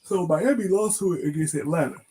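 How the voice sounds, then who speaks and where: A man's voice: sits high, fairly quick, warm tone, a little hiss or hum. A man co-host explaining a sports schedule in casual chat, stopping and restarting as he goes. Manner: explains things with hesitant restarts.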